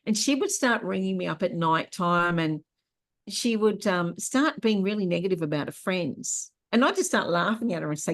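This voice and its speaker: Middle-aged woman teaching a low-key workshop. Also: expressive, normal speed. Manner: conversational, with personal stories. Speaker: workshop host and therapist.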